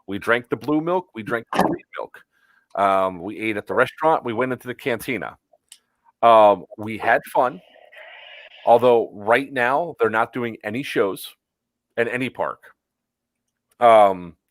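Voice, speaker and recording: A man's voice: fairly low pitch, no echo, poor audio. A man co-hosting a casual chat, telling a story with many fillers and acted-out quotes. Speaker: podcast co-host.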